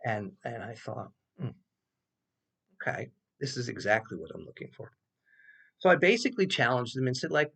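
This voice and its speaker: A man's voice: medium pitch, normal speed, gravelly, long pauses, breathy edge. A man in his sixties, a professor, telling a rambling personal story in a loose, casual way and swearing freely. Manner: animated, acts out quoted voices, swears freely; loose and rambling with many fillers.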